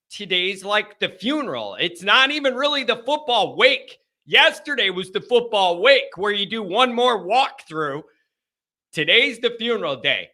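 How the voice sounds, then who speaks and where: A man hosting a live call-in sports show, energetic and playful, with a raspy voice stuffed up from his sinuses. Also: high-pitched, normal speed. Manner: energetic and animated, playful rhymes. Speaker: host.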